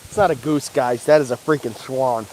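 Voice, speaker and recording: Excitable man chatting on a livestream. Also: mid-range voice, normal speed, slight background noise, rough recording. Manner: excitable, chatty, talks to the animals. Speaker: livestream vlogger. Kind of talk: casual livestream chat. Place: outdoors at an animal park.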